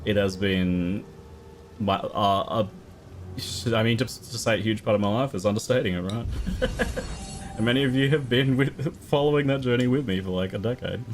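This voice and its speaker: A man's voice: on the low side, moderate pace, faint music behind. A man casually chatting on a live stream, laughing often and thanking viewers by name. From Australia. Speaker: game streamer.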